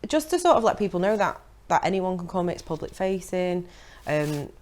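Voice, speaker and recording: Low-pitched woman, chatty radio guest, stop-start delivery. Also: big pitch swings, darkish tone. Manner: chatty, halting, many fillers. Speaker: theatre front of house coordinator, guest. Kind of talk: casual radio chat.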